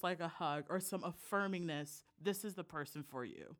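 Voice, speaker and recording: A woman hosting a casual podcast, bubbly and giggly, hyping up her guest with animated enthusiasm. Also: medium pitch, moderate pace, few pauses. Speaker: podcast host. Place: Chicago.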